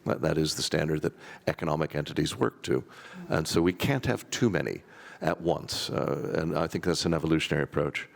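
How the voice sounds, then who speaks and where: A man's voice: very deep voice, brisk, gravelly. A man speaking on a conference panel, rambling and wry with dry self-deprecating jokes.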